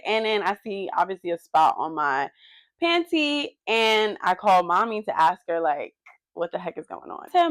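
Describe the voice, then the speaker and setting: A woman's voice: medium pitch, normal speed, dry recording. A young woman hosting a podcast, telling stories animatedly and acting out what people said. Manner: animated storyteller, acting out quotes. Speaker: podcast host. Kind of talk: casual chat.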